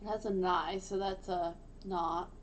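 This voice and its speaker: A woman's voice: on the low side, steady tone, unhurried. Playful lady on a stream sounding out japanese, a bit scattered, faint hiss behind. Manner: playful, giggly, easily distracted. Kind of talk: casual live-stream chat.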